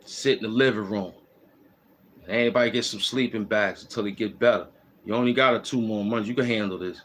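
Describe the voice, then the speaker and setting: A man's voice: lowish voice, fairly quick. A man hosting a casual walking vlog, giving loose, repetitive, slangy street advice. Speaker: host. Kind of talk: rambling streetwise monologue. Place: outdoors in the cold.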